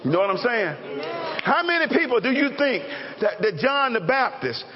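A male pastor preaches in a high voice that swoops all over. He jokes and calls out to his congregation. The recording is dull and lo-fi, with a long hall echo. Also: normal speed. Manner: lively, joking, calls out to the congregation. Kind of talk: sermon. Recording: echoey hall, dull lo-fi sound.

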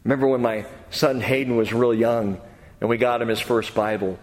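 A man's voice: mid-range voice, fairly even intonation, moderate pace. A middle-aged man preaching a sermon as a pastor, in a conversational way with frequent restarts. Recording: long hall reverb.

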